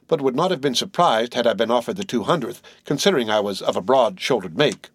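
A male narrator reading a classic novel aloud, measured and gently wry. His voice sits at a middling pitch, recorded close and dry with no room sound. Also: lively intonation, husky, no room sound. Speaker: audiobook narrator. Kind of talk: literary audiobook narration.

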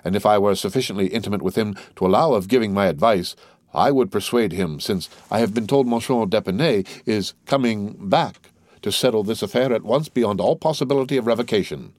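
A man's voice: lowish voice, a little fast, a little mellow, no echo, close to an everyday voice. A man doing a suave, composed count. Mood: courteous. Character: urbane, composed middle-aged count, quietly commanding.

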